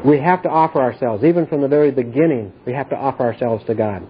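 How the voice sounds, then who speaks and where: A fast-talking man with a mid-range voice leads an informal Bible study, explaining things earnestly and repetitively while often asking if his listeners understand. The audio is tinny and phone-like, with a little hiss or hum.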